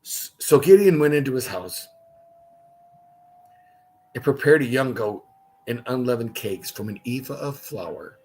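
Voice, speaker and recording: A man's voice: medium pitch, expressive, a little slow, long pauses, a little mellow, husky. A man hosting a casual livestream Bible study, reading scripture aloud and stopping for chatty asides.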